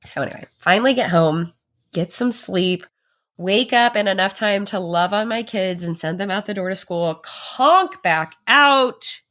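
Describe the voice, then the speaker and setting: A woman in her thirties hosting a podcast, sharing a personal story candidly and with animation, laughing often as her pace swings between rushed and slow. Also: mid-range voice, expressive, fairly bright tone. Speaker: podcast host.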